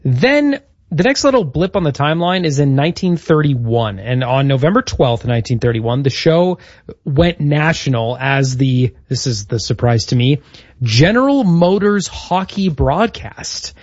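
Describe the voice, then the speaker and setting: A man's voice: fairly high pitch, animated, unhurried, darkish tone, dry recording, highs cut off. A man co-hosting a casual chat, telling history from his notes. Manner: storytelling, reading out history notes. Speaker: podcast co-host.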